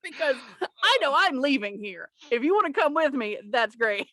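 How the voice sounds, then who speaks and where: A woman chatting casually as a podcast guest, blunt and quick to laugh, swearing freely. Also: high voice, very animated, a bit bright, no room sound. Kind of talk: casual chat.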